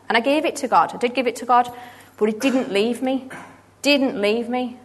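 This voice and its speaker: A woman in her thirties giving a personal testimony at church, earnest and halting, with frequent restarts. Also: a little high.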